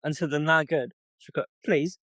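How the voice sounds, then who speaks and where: A man's voice: fairly high pitch, steady tone, moderate pace, a bit bright, dry recording. A young man co-hosting a casual podcast, telling a story by reading out text messages and swearing often. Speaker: podcast co-host. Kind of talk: casual chat.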